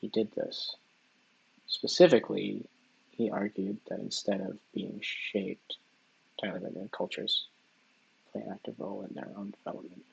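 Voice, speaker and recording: A man working through practice test questions out loud, half-reading and mumbling his reasoning as he goes. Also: on the low side, little pitch movement, normal speed, gravelly, pauses often, husky, highs cut off. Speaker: test-taker and tutor. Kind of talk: think-aloud practice test, muttering while reading.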